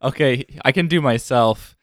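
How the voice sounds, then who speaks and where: A man's voice: mid-range voice, moderate pace, a little hiss or hum. A man co-hosting a casual podcast chat, teasing the others with jokey banter. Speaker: podcast co-host.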